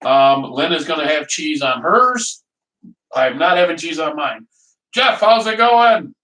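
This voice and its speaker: A man's voice: a little high, expressive, a little slow, pushed and bright, distant mic. A man hosting a casual live cooking stream from his kitchen, rambling and chatty, greeting viewers by name and laughing often. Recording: echoey room, voice from off-mic.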